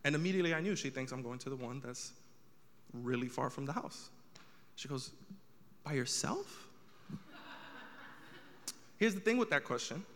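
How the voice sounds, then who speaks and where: A man's voice: medium pitch, lively intonation, moderate pace, long pauses, fairly bright tone, in a large hall, slight background noise. A young man doing a stand-up comedy set, telling a story with rising exasperation.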